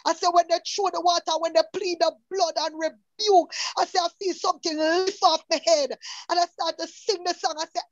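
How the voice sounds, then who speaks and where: A woman's voice: extremely high pitch, level tone, fairly quick, a bit bright, no echo, lo-fi sound. A Jamaican woman giving a fervent church testimony on a prayer call, often breaking into hallelujahs.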